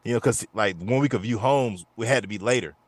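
A man in his thirties, co-hosting a podcast, telling a story in a lively, profane way and often repeating himself. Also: on the low side, a little fast, no echo. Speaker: podcast co-host. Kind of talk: casual chat.

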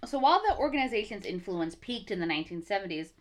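A woman co-hosting a casual podcast, chatting with lively swearing and reading quotes aloud. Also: medium pitch, fast talker. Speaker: podcast co-host.

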